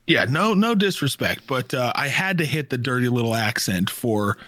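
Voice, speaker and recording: Playful man with a bright, dry voice. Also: mid-range voice, expressive, normal speed, no echo. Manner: playful and jokey, swears casually. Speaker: podcast co-host. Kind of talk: casual chat.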